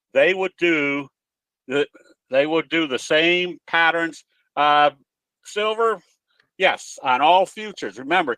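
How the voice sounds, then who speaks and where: A man's voice: fairly high pitch, pushed and bright, clean tone, no echo. A man presenting candlestick trading analysis in an online webinar from his home office, explaining in a folksy way and telling jokes. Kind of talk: webinar teaching talk.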